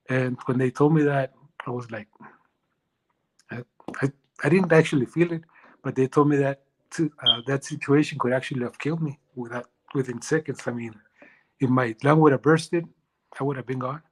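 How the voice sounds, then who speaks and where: A man as an interview guest, telling a personal story in a halting way with many restarts. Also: mid-range voice, steady tone, low-quality recording.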